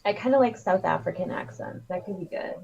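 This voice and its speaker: Husky woman chatting on a lo-fi stream. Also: medium pitch, expressive, brisk, a little mellow. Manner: rambling, giggly, riffing on ideas. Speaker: co-host. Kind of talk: casual livestream chat. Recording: dull lo-fi stream audio.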